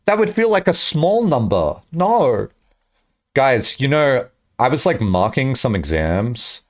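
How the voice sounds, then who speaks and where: A young man chatting casually on a live stream, rambling and joking with bursts of excitement. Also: medium pitch, takes it slowly.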